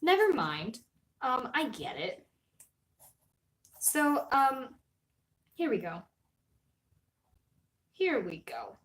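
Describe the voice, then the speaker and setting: Animated young woman streamer. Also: high voice, very slow, long pauses, poor audio. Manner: animated storytelling, swings loud and soft. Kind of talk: casual live-stream chat.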